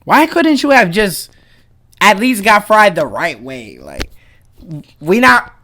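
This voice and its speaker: A man in his twenties reacting to a video with loud, mocking, joking slang commentary. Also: high voice, sing-song, slow. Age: 20s.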